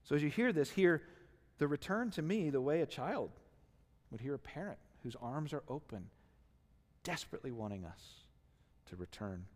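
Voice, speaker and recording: Animated preaching man in a reverberant hall. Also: on the high side, moderate pace, long pauses. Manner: animated storytelling, acting out quotes, self-deprecating. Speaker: pastor. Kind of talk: sermon.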